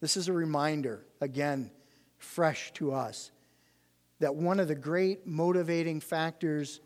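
A man gives an earnest Bible study sermon, explaining scripture and leaning on key words. His voice sits a little high. A long reverb from a large hall trails each phrase. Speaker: Bible teacher.

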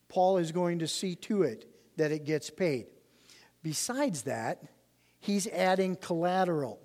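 Man, Bible study sermon, earnest and explanatory, slightly high voice, long hall reverb. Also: a little mellow. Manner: earnest, explanatory, emphatic on key words. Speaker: Bible teacher.

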